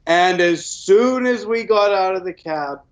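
A man's voice: high-pitched, lively intonation, a little slow. A man telling stories in casual chat, profane and laughing as he talks.

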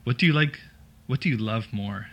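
A man co-hosting a podcast in casual banter, jokey and deadpan, laughing often. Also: medium pitch, normal speed, slightly rough, dull audio. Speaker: podcast co-host.

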